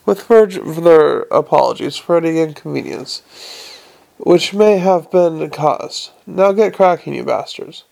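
A man doing a gruff, bossy coachman, gravelly. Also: on the high side, lively intonation, measured pace, darkish tone, full character voice, low-quality recording. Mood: scornful. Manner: bossy, coarse, mock-polite. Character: gruff blunt coachman, quick-witted man.

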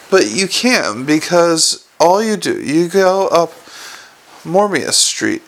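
A man voicing a cheerful, calm and earnest young male watchman in an audiobook. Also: a little high, gravelly, heavily acted.

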